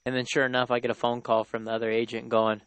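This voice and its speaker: A man's voice: medium pitch, monotone, quick pace, fairly bright tone, smooth, no room sound. A man co-hosting a radio show, laid-back, telling casual stories. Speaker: radio co-host. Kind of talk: live radio talk. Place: radio studio.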